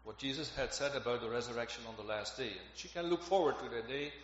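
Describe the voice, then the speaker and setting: Delivering a sermon in an echoey hall, this preacher talks fast in a mid-range, fairly bright voice. He is earnest and becomes emphatic on key phrases, and the lo-fi recording sounds dull, with faint noise.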